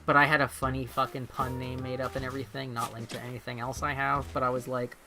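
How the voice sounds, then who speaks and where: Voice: mid-range voice, level tone, fast talker, over music. A vtuber streamer in casual livestream chat, rambling and swearing freely and laughing often while playing a game at home.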